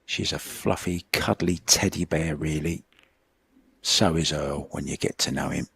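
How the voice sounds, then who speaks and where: A man's voice: extremely low pitch, fairly even intonation, a little slow, creaky, a bit bright, husky. A middle-aged man, commentating on a pool match in a chatty, reminiscing way. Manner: chatty, reminiscing between shots.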